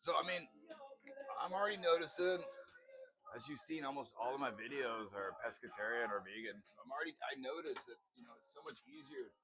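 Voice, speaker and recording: Guy talking while he cooks, rambly, lots of uhs, middle pitch. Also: animated, fairly quick, a crowd in the background. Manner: rambling, chatty, lots of fillers and asides. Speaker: home cook vlogger. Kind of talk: casual cooking vlog chat.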